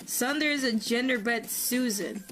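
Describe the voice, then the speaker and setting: Woman narrator for a commentary video, fairly high voice, sarcastic and dry, faint music bed. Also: unhurried, fairly bright tone.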